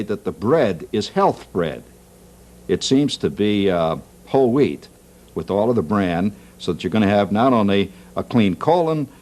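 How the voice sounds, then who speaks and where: A man hosting a TV talk show, doing a jokey, wry comic monologue and laughing at his own jokes. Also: on the low side.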